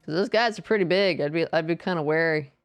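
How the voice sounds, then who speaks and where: Low gravelly Southern woman rambling. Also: fast talker, faint music behind. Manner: rambling, chatty, trails off with stammered fillers. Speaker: streamer. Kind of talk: casual chat while playing a video game.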